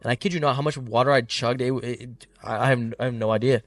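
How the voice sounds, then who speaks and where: A man's voice: medium pitch, steady tone, fast talker, no room sound. Laid-back young man telling stories. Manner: laid-back storyteller, swears casually. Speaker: podcast co-host. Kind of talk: casual chat. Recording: slightly distant mic, dry room, faint music.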